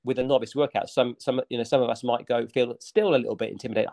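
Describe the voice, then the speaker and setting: A man's voice: medium pitch, fairly even intonation, fast, vocal fry, hardly any pauses, darkish tone. A man talking as a fitness coach guest on a podcast, upbeat and motivational, with many fillers. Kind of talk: casual podcast chat.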